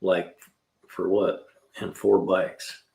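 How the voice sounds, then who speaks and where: A talkative man with a low, gravelly voice rambles through stories for his live stream viewers. He uses plenty of slang and drifts from one story to the next. His voice bounces around a roomy garage. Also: little pitch movement, extremely slow, darkish tone. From California. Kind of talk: casual chat, telling stories and answering chat. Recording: roomy echo.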